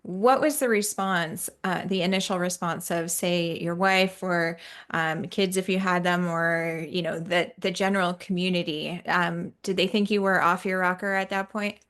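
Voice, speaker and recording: A woman hosting a podcast, asking questions in a relaxed, hesitant way with many fillers. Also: fairly low pitch, normal speed. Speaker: podcast host. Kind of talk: casual interview.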